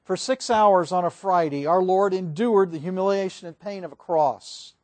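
A male pastor preaching a sermon, reading scripture aloud and moving between swelling emphasis and hushed passages. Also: high voice, expressive, normal speed, few pauses, no room sound.

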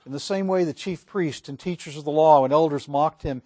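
A male pastor preaching a sermon, reading scripture aloud and moving between swelling emphasis and hushed passages. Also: a little high, a little fast, hardly any pauses, no echo.

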